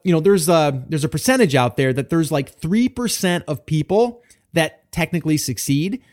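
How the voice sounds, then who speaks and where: A man's voice: a little high, a little mellow. A man hosting a podcast on his own, talking casually and thinking aloud, with lots of fillers. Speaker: podcast host. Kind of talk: solo podcast talk, reading a listener post.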